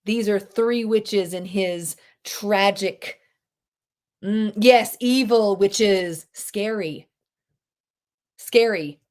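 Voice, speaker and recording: A woman teaching a live online English class, chatty and expressive, with unhurried explanations. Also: mid-range voice. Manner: chatty, expressive, reads lines aloud dramatically. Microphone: video call.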